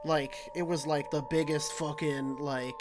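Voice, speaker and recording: A man's voice: on the high side, fairly even intonation, unhurried, music in the background. A man co-hosting a streamed game playthrough, chatting casually, reacting and laughing often. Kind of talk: casual chat.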